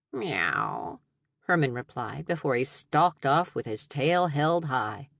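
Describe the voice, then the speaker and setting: Dry, expressive woman narrating an audiobook. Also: low-pitched, dry recording. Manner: expressive, wry storytelling. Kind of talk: first-person audiobook narration.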